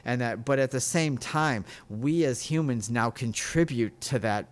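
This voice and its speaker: A man's voice: mid-range voice, unhurried. A man hosting a podcast, talking in an earnest, rambling way about spirituality and telling stories. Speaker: podcast host. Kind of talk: casual spiritual talk.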